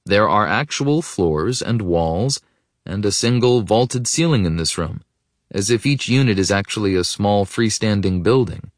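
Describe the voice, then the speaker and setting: An audiobook narrator with a very low, deep male voice reads a first-person novel, animated but unhurried, in a reflective, intimate tone that often softens to a hush. The recording is dry and close, with no echo or room sound.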